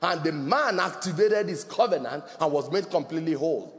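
A middle-aged male pastor preaching a sermon, rising to emphatic shouts and dropping to a hush, in a church hall. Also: a little high, brisk, hardly any pauses. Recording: long echo of a large hall.

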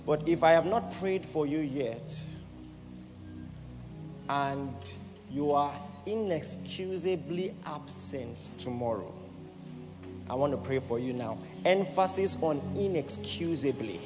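A man's voice: fairly high pitch, slow, pauses often. A man preaching as a pastor, leading an altar call with emphatic, repeated calls to the crowd. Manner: emphatic, repeats "did you hear what I said". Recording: echoey hall with music behind.

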